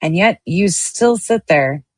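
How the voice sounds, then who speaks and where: A woman's voice: on the low side, animated, slow pace, darkish tone, slightly rough, no echo. A woman, the channel's owner, reacting to clips of other streamers with sarcastic, defensive asides. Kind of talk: reaction commentary.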